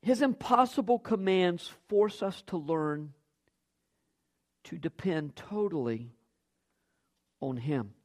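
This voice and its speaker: A man's voice: fairly high pitch, lively intonation, slow pace, long pauses. A man preaching a sermon as pastor, acting out quoted lines with big jumps in his voice.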